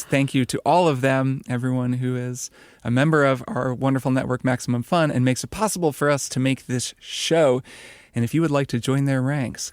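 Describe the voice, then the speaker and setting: A man's voice: mid-range voice, clean tone, no echo, clean studio sound. A man hosting a podcast, chatting casually and reading out show announcements in an upbeat way. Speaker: podcast host.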